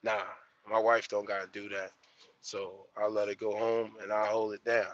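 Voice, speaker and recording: A man's voice: on the low side, completely flat delivery, moderate pace, dull audio. A young man streaming live as a trucker vlogger, chatting casually in a laid-back, slangy way and repeating himself. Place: truck cab.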